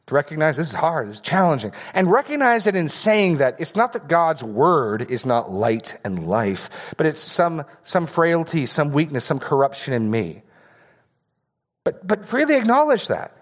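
A man's voice: a little high, big pitch swings, moderate pace. Earnest man preaching a sermon. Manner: earnest, repeats words for emphasis. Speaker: pastor. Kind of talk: expository sermon.

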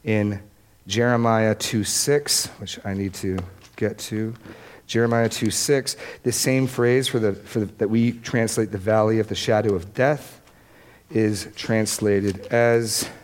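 A man's voice: fairly low pitch, steady tone, a little slow. A man preaching a sermon as pastor, earnest, repeating phrases for emphasis and lifting his voice on key lines.

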